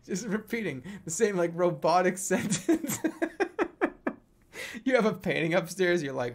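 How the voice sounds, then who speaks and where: Male game streamer, high pitch, unhurried delivery, goofy and repetitive, laughs a lot. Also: expressive. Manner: jokey, repeats phrases, laughs often. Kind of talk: live gameplay commentary.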